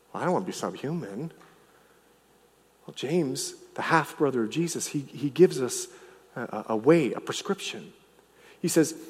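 A male pastor preaching a sermon, swinging from loud, emphatic lines to hushed, low ones. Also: husky, big-room sound.

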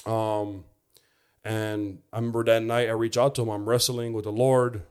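A young adult man giving a personal faith testimony in an earnest, reflective way, pausing often with fillers. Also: on the low side, flat delivery, darkish tone, smooth. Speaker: former football player giving his testimony.

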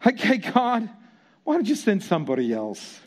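Moses pleads in a high, whiny, stammering voice, slowing down and wavering as he begs to be let off, as a man acts him out. He sounds anxious and reluctant throughout. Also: huge pitch swings, heavily acted. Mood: pleading.

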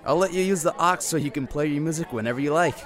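A man's voice: fairly high pitch, fast, lightly acted. A young man voicing a playful, supportive teenage best friend. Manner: playful, lively.

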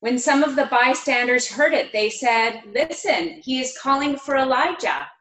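A woman reading scripture aloud in a measured, earnest way during an online worship service. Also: high-pitched, expressive, a bit bright, low-quality recording. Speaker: scripture reader.

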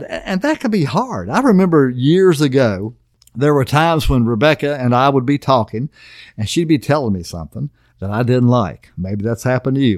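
A middle-aged man gives a conversational sermon in a folksy, down-to-earth way. His pitch sits in an everyday middle range, and he often pauses to ask "okay?". The sound is close and dry. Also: darkish tone, no echo. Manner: folksy, repeatedly asks "okay?". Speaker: pastor.

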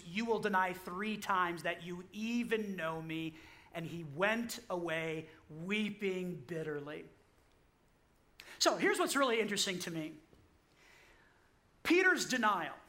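A man preaching a sermon, telling the story vividly, acting out quotes and repeating key lines slowly. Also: sits high, pushed and bright. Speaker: pastor.

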